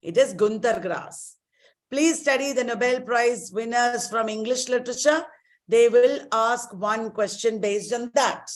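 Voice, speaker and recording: Emphatic woman teaching an exam-prep lecture. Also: a little high. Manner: emphatic, repeats key points slowly.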